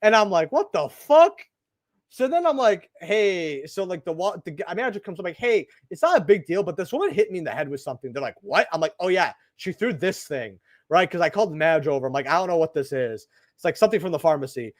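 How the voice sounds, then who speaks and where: Young male host, high and highly animated, rambling casual storyteller, dry close recording. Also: fast, no room sound. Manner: rambling, animated, lots of "right?" and asides. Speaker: channel host opening trading cards. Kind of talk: casual storytelling while opening packs.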